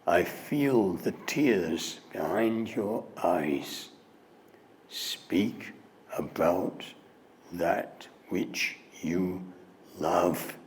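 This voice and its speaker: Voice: sits low, drawn-out words, slight background noise, voice pushed down. A man voicing a huge, near-blind stranger with an American accent who imploringly calls out to the guide. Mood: hushed. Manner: imploring, calling out.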